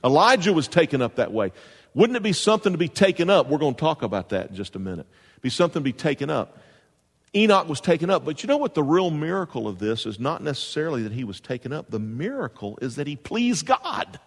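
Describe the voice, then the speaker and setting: A man's voice: fairly high pitch, long reverb tail. A man preaching a sermon to a congregation, rising into emphatic bursts and asking the room questions. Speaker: pastor. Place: church sanctuary.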